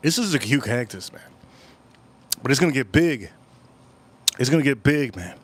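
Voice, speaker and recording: A man's voice: medium pitch, animated, normal speed, breathy edge. A man hosting a casual livestream, rambling and repeating his phrases as he chats with viewers at home. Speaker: livestream host.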